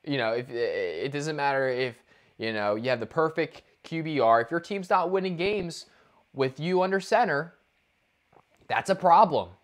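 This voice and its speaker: Man, higher register, animated sports-talk co-host, rants and restarts. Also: normal speed. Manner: animated ranting, many restarts and fillers. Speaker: podcast co-host.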